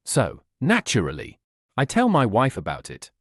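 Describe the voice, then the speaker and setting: A man tells short jokes in a relaxed, conversational way, as if chatting with a friend. His voice is at an average pitch but leaps around a lot. The sound is dry and close. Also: normal speed, dry recording. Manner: casual, conversational storytelling. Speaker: joke teller. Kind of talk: scripted joke narration.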